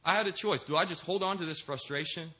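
A man's voice: fairly high pitch, fast talker, bright, forceful tone. A young man, a deacon, preaching a sermon in a church and telling stories with acted-out voices. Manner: storytelling, acts out quoted voices. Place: church in Korea.

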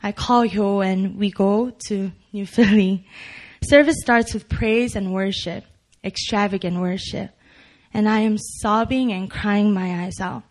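A woman's voice: medium pitch, unhurried. A young woman giving an earnest personal testimony at a church service, with small nervous laughs between lines. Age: young adult.

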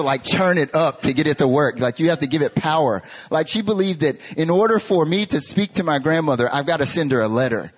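Animated pastor preaching. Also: male voice, a little high. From North Carolina, USA. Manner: animated storytelling with rhetorical questions. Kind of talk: sermon.

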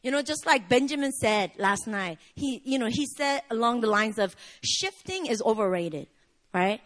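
A woman in her thirties preaching a sermon as a pastor, emphatic, moving between loud exclamations and soft, low asides. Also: lively intonation, normal speed.

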